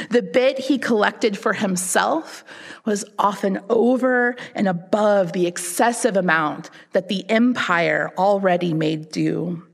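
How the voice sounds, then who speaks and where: A woman pastor delivers a sermon at an unhurried pace. She tells the story earnestly and often repeats a word as she restarts a phrase. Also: medium pitch, gravelly.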